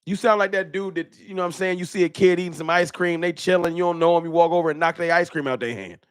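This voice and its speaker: A man hosting a casual live-stream fan talk show, animated and slangy, often repeating his words. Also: high voice, quick pace, smooth, dry recording, clean studio sound.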